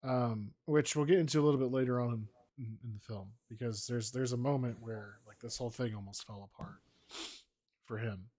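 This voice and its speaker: A man's voice: mid-range voice, steady tone, moderate pace, darkish tone, no room sound. A man co-hosting a casual movie podcast, rambling playfully and mimicking characters. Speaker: podcast co-host.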